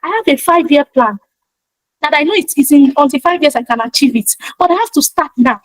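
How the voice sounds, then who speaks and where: Woman, motivational talk, emphatic, repeats herself, preacher-like, high voice. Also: expressive, brisk, no room sound, rough recording. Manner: talks of her own practice in speaking to online audiences. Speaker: motivational speaker.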